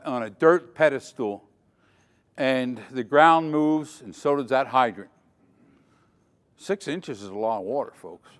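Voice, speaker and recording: A man's voice: fairly high pitch, fairly bright tone, clear, resonant tone. An older man giving a dramatic safety lecture at a conference, quizzing the audience as he goes. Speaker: safety trainer. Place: conference hall. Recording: long hall reverb.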